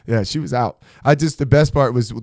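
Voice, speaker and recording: A man's voice: mid-range voice, brisk, darkish tone, no echo, studio quality. A man hosting a podcast, telling stories in a casual chat, swearing often and laughing between lines. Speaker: podcast host.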